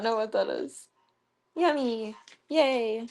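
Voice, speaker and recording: A young woman chats casually on her stream while feeding her pets, with a gravelly edge to her voice. She keeps up a chatty patter and calls to the animals in a high coaxing tone. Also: animated, takes it slowly.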